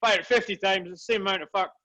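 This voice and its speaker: A man's voice: sits high, fairly even intonation, quick pace, bright, forceful tone, poor audio. A man co-hosting a casual podcast, rambling and swearing as he tells stories. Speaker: podcast co-host. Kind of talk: casual banter.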